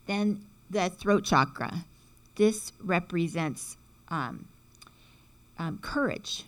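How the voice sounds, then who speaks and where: Woman explaining stuff in a loose chatty way, keeps asking "right?", kinda low voice. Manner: chatty, frequent "right?" checks, acts out quotes. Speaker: teacher explaining symbolism. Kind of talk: casual spiritual talk.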